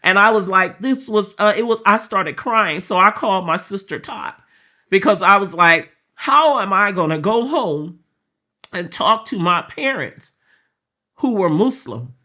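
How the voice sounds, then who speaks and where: A middle-aged woman recounting her conversion story with a bright, clear voice. She tells it like a storyteller, acting out what others said, full of fillers and repeats, and lifts into loud fervent passages. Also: mid-range voice, expressive, a little slow. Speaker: guest sharing her faith testimony. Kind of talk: emotional personal testimony.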